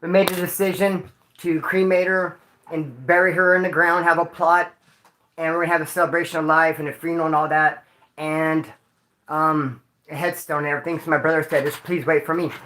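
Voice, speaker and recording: A man's voice: on the high side, little pitch movement, fairly quick, sharp tone, reverberant, slight background noise. A grieving man, talking casually to his livestream chat in a slangy, emotional way. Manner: slangy, emotional, addresses chat as homeboy and dude. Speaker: livestream host.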